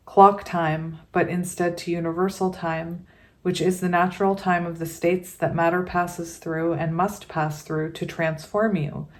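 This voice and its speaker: Woman, tarot reader, slow unhurried pace, chatty and giggly, casual to-camera talk. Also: lowish voice.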